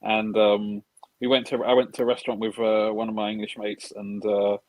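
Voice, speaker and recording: A man's voice: on the low side, flat delivery, brisk, a little mellow, no room sound, poor audio. A man on a casual panel chat, reasoning hesitantly with frequent restarts.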